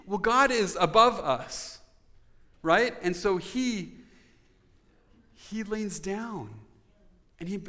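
A man's voice: high voice, pushed and bright, big-room sound. A man preaching a sermon in an earnest, conversational way, now and then putting questions to his congregation. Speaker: pastor.

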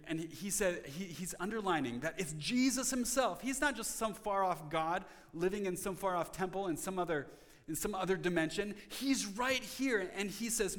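High-voiced pastor preaching in a reverberant hall. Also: male voice. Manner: earnest expository preaching with repeated restarts. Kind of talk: sermon.

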